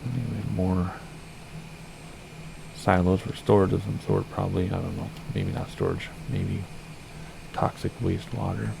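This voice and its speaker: A man streaming a flight simulator, chatting casually and rambling, with a slightly hoarse voice. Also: sits low, moderate pace, long pauses, background noise. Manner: chatty, rambling, self-correcting. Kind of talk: casual gameplay commentary.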